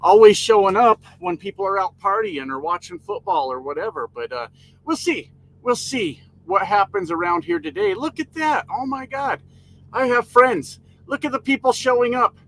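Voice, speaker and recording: A man's voice: high voice, lively intonation, moderate pace, fairly bright tone, poor audio. A man live-streaming from his truck cab, casually chatting and joking while greeting viewers by name. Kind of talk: casual live stream chat reading comments. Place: inside a parked truck cab.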